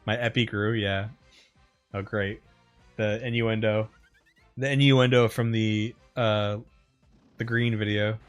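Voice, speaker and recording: A man's voice: fairly low pitch, takes it slowly, pauses often, clean tone, faint music behind. A man streaming gameplay, telling stories in a rambling, profane way full of fillers. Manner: rambling, profane, animated retelling with frequent fillers. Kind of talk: casual storytelling over gameplay.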